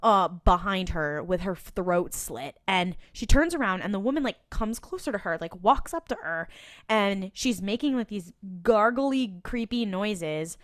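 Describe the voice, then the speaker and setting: Female podcast co-host, casual recap, laughs a lot, mid pitch, dry close mic. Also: lively intonation, measured pace, no room sound. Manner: chatty, laughs often, acts out quotes.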